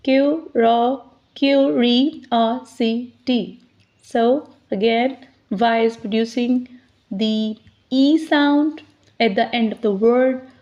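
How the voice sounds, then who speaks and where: Slow, patient woman teaching pronunciation. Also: fairly high pitch, a little mellow. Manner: slows down to sound out words clearly. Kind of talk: slow, deliberate teaching explanation. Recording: slightly dull, lo-fi sound.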